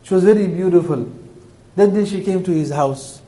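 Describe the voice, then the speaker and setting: Impassioned high-voiced male preacher. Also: moderate pace, low-quality recording. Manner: impassioned, swinging between loud and hushed; storytelling with moral appeals. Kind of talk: sermon.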